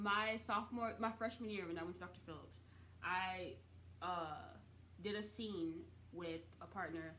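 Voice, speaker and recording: A young adult woman recapping and reviewing a TV series in a chatty, expressive way, with casual slang and the odd swear. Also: on the low side, slight background noise.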